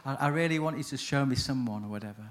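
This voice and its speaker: A man's voice: mid-range voice, quick pace. A man giving a seminar on chaplaincy, telling a story in a chatty, anecdotal way, often interrupting himself. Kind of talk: conference talk with storytelling.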